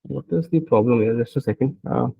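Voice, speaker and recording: A programming instructor with a mid-range, gravelly voice and a breathy edge talks a little fast as he works through code live. The tinny, dry recording has no room sound, and he mutters, questions himself, and thinks aloud with frequent "right?" checks.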